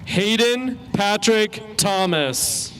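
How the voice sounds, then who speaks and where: Slow, high-voiced man reading names. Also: animated, fairly bright tone. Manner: measured, pronounces each name carefully. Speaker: ceremony announcer reading graduates' names. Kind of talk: slow, deliberate name reading.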